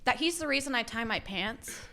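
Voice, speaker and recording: A woman's voice: a little high, animated, brisk, creaky, sharp tone, a little hiss or hum. A woman interview guest chatting casually, lightly laughing and searching for her words.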